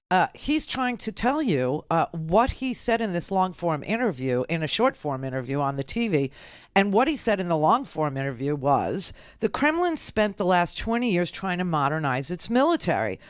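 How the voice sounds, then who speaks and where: A woman's voice: lowish voice, no room sound, studio quality. A woman hosting political talk radio, brash and emphatic with rambling asides. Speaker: radio talk show host.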